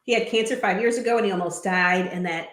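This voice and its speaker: A woman's voice: mid-range voice, quick pace, a bit bright. A woman co-hosting a podcast, recapping events in a giggly, chatty storytelling manner. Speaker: podcast co-host. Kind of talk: casual recap chat. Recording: echoey room.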